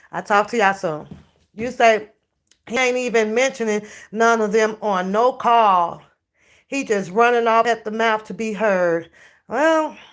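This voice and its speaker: Slow-talking chatty woman streamer. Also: mid-range voice. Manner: chatty, reads and answers viewer comments. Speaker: commentary streamer. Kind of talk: casual live-stream chat.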